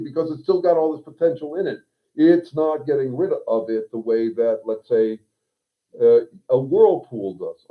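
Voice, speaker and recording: A man hosting a livestream monologue, thinking aloud in a wry, digressive way with frequent restarts. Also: a little high. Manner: wry, reads viewer comments aloud. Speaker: livestream host and consultant. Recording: tinny phone-like audio.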